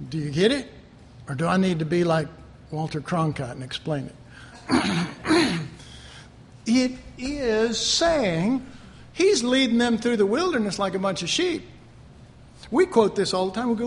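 A man preaching a fervent sermon, swinging between loud outbursts and quiet asides. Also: extremely high pitch, expressive, normal speed, big-room sound, a little hiss or hum.

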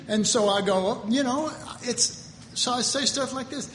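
A pastor with a fairly high voice for a man, preaching in a folksy, earnest storytelling manner that swells into emphatic preaching. His words ring through a large church hall with a long reverb tail, and faint room ambience sits underneath. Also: a little slow, a bit bright, a little hiss or hum. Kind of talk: conversational sermon with personal stories.

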